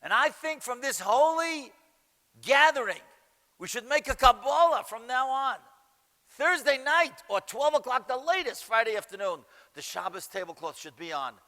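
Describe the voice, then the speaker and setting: A high-voiced man delivers an emphatic rabbinic lecture, peppered with rhetorical questions. His tone is bright and forceful. The sound rings with the long reverb of a big hall. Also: expressive, normal speed. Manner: emphatic, rhetorical questions, Yiddish and Hebrew terms. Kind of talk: animated Torah lecture to a large gathering.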